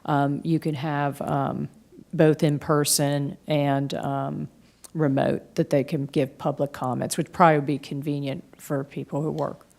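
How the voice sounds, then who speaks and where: Staff woman, low-pitched, procedural explainer at a county board meeting. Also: flat delivery, unhurried, creaky, a little mellow. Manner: explanatory, procedural, many fillers. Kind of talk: formal briefing to a board. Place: county commission meeting room.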